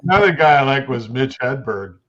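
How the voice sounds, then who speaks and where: A man's voice: mid-range voice, expressive, brisk, a bit bright, muffled recording. A man in a casual live stream chat, agreeable and chatty, often chiming in.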